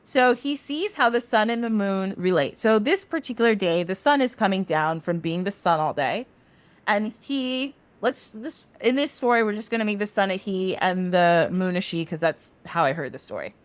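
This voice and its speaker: A woman's voice: mid-range voice, normal speed. A woman podcast host retelling a myth in a casual, chatty way. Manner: animated, chatty, laughs easily. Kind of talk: casual storytelling.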